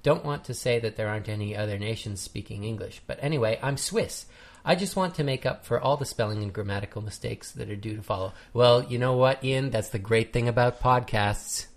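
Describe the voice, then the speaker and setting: A man's voice: medium pitch, fairly quick, hardly any pauses. An Australian man co-hosting a podcast, reading listener mail aloud and adding dry quips. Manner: dry wit. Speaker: podcast co-host.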